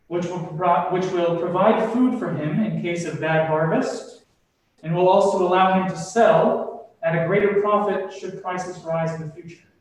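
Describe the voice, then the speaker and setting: Man, sermon, slow deliberate delivery, fairly high voice, roomy echo, mic at a distance. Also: darkish tone. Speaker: preacher. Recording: echoey room from far off.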